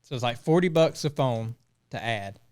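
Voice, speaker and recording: Smooth-voiced easygoing man. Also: mid-range voice, expressive, normal speed, darkish tone, dry recording, clean studio sound. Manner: easygoing, laughs along, explains details. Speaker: podcast co-host. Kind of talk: casual chat.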